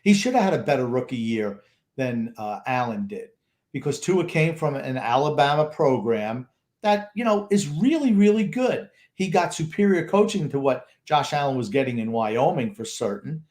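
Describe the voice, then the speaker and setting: A man's voice: mid-range voice, lively intonation, normal speed, a little mellow. Blunt, opinionated male sports podcaster. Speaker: podcast co-host. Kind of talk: casual sports talk.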